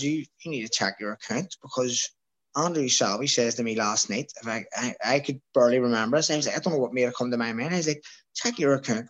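A man's voice: mid-range voice, a bit bright, low-quality recording. A young Irish man, a guest, telling a rowdy anecdote in casual talk, swearing often and acting out what others said. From Ireland. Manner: swears freely, acts out quotes of others. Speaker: guest, former amateur boxer. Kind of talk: casual storytelling.

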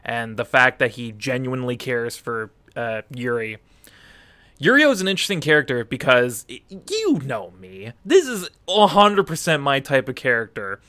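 A man co-hosting a podcast in casual chat, animated and excitable. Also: medium pitch, normal speed, no echo. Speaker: podcast co-host.

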